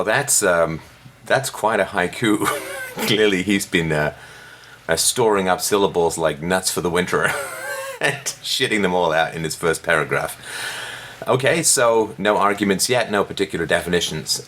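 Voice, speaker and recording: Man, deep voice, sarcastic commentary, faint background hiss. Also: lively intonation, normal speed, fairly bright tone. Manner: mocking, theatrical jumps in pitch when scoffing. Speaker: podcast host reading and rebutting an article. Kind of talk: sarcastic commentary on a read-aloud article.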